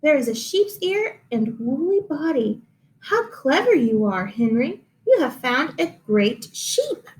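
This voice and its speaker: A woman voicing a trio of chirpy female sheep who bleat their words high and bright. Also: sing-song, slow, full character voice, rough recording. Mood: admiring. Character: three chirpy female sheep speaking together.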